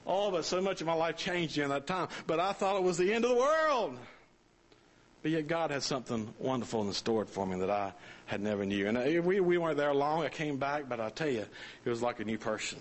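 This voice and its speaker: Southern preacher, middle-aged man, fairly high voice, folksy storytelling sermon with stumbles. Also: expressive, brisk. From North Carolina. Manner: folksy storytelling with frequent restarts. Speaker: pastor.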